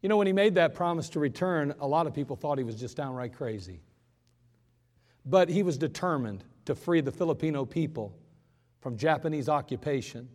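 A man preaching an impassioned sermon in a church, swinging between loud urgent pleas and quiet hushed moments. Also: on the high side, expressive, fairly quick, long reverb tail. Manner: impassioned preaching, rising and falling in force. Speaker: pastor.

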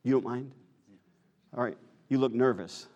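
A man's voice: medium pitch, normal speed, a little mellow, in a large hall, muffled recording. An American man, a pastor, preaching a sermon and asking the congregation questions. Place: church sanctuary.

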